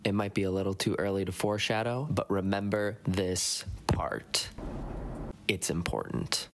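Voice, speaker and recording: A man's voice: sits low, fairly even intonation, normal speed, heavy background noise. A man from Minnesota recording voice-over asides for his own vlog edit. His remarks are sarcastic, sometimes with dramatic whispers. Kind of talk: voice-over commentary.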